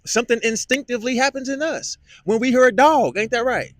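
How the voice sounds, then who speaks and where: A man vlogging a reflective monologue, musing and halting, often repeating words with many fillers. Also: extremely high pitch, fairly bright tone, dry recording.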